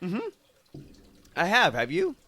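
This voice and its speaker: Bright-voiced, lively podcast host man. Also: high-pitched, takes it slowly. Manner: swears freely, animated storytelling. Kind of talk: casual chat.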